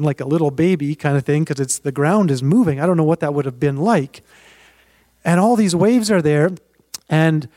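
A man preaching as a pastor, telling the story in a lively, conversational way and acting out the voices of the people in it. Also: a little high, dry recording. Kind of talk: sermon storytelling.

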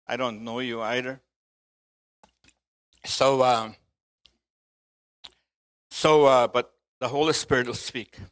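A middle-aged man preaching a sermon, joking with the congregation and reading scripture aloud in a measured way. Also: medium pitch, fairly even intonation, a bit bright. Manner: joking, chuckles often, slow measured reading.

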